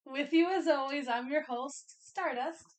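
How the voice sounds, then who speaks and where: A woman's voice: sits high, measured pace. A young woman hosting a podcast in playful, giggly casual chat. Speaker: podcast host.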